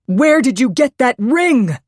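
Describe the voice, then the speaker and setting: A woman narrator voicing a desperate father who shouts in frantic bursts. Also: deep voice, normal speed, dry recording, studio quality.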